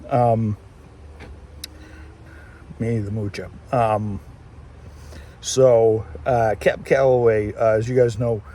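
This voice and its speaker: A man's voice: fairly low pitch, steady tone, slow pace, pauses often, dark tone. A man chatting casually in a walking vlog, rambling and restarting often, recorded on a handheld phone outdoors. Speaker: vlogger. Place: outdoors, walking through town.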